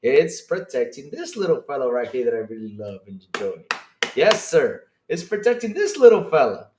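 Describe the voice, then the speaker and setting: A man hosting a casual opinionated livestream, excitable and animated, swearing freely and jumping up in pitch when worked up. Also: moderate pace, noisy background. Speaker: podcast host streaming to chat. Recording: echoey room.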